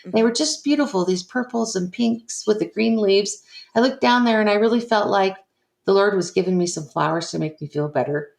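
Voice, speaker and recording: This older interview guest has a medium-pitched, creaky, slightly mellow voice and a brisk delivery. She relates a personal story earnestly and emotionally, playing out the people involved through quoted lines, and the room sounds echoey.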